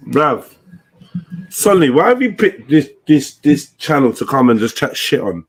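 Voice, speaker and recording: A man's voice: mid-range voice, big pitch swings, moderate pace, husky. A man in casual chat, pressing someone hard with confrontational questions.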